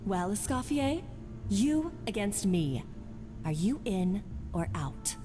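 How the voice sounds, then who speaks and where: A woman's voice: medium pitch, very animated, takes it slowly. An actress playing a confident young female chef in a game, talking in a bold, challenging way. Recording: game audio with reverb and music.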